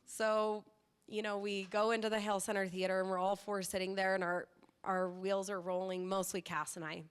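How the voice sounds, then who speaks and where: Middle-aged woman founder, from Southern California, lively chatty storyteller, average pitch. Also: clear, resonant tone. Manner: lively, animated storytelling with laughs. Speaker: company founder, guest. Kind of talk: casual storytelling interview.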